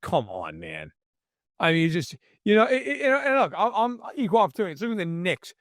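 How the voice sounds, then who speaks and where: A man's voice: high voice, huge pitch swings, fairly quick, a bit bright, no echo, clean studio sound. A man co-hosting a podcast, ranting in mock outrage over sports in casual chat. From New York state. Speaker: podcast co-host.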